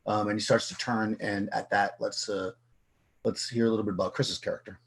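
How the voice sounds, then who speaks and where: Male game master, husky, casual and halting narration. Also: on the low side, flat delivery.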